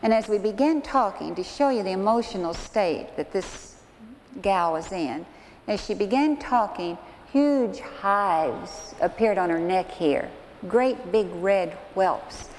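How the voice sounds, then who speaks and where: A woman's voice: medium pitch, animated, takes it slowly, a little mellow. Woman counselor giving a sermon story, earnest, big echoey hall, faint hiss. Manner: earnest, illustrative storytelling with direct asides. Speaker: Christian counselor and speaker. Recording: long hall reverb, faint noise.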